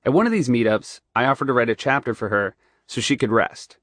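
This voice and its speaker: A middle-aged man with a nasal sound from a fresh broken nose. He speaks at a mid pitch in a dry, close-miked studio booth, with wry, deadpan jokes and a steady reading voice. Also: brisk, no echo. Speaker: guest reader. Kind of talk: playful banter, then scripted reading. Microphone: studio microphone.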